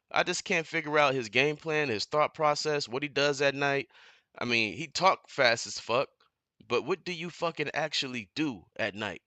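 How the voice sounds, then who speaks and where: A man in a fired-up, profane fan rant on his live stream, repeating himself and getting louder as he goes. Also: mid-range voice, no room sound. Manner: heated, profane, repeats himself, builds to shouting. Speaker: sports commentator streamer. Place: home living room.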